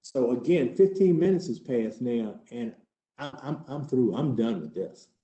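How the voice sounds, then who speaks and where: A man with a warm, expressive, medium-pitched voice speaks a little slowly, acting out a case study as a trainer in the first person. Earnest and conversational, he builds tension; the sound is lo-fi and echoes like a roomy hall.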